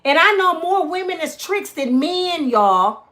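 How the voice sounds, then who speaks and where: Heated high-voiced woman ranting to viewers. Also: animated, a little slow, bright, forceful tone. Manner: heated, emphatic, addresses viewers as y'all. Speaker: channel host. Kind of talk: angry vlog rant to viewers.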